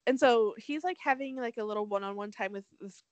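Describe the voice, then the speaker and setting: A woman's voice: fairly high pitch, a little fast, dry recording, dull audio. A young woman, a podcast co-host, recapping a reality show in a chatty, sarcastic way with lots of "like". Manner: chatty, heavy use of "like", swearing, sarcastic. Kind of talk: casual recap chat.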